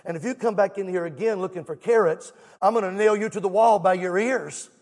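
Man playing a paint store owner, apologetic, worn out, high-pitched, long hall echo. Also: brisk, darkish tone. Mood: exasperated. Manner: polite, apologetic, growing exasperated. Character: weary paint store owner, adult man, patient then fed up. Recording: long church hall reverb.

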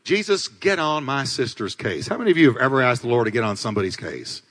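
A male pastor delivering a dramatic sermon, swinging from loud climaxes to low asides. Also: lively intonation, quick pace. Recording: long hall reverb.

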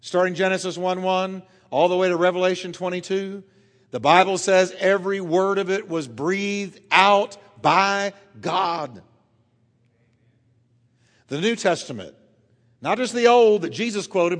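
A pastor preaching a sermon to his church, emphatic, dropping quiet and then swelling loud, drawing out key words. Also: high voice, moderate pace, long reverb tail.

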